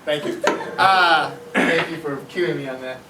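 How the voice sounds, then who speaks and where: A middle-aged male teacher giving a classroom history lecture, animated, often putting questions to his students. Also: a little high, unhurried, background noise. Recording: echoey classroom from far off.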